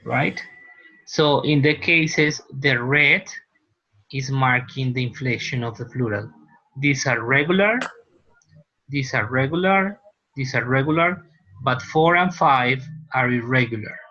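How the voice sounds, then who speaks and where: A man's voice: mid-range voice, measured pace, sharp tone, lo-fi sound. A man, a teacher giving a university lecture, explaining patiently and often checking that students follow. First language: Spanish.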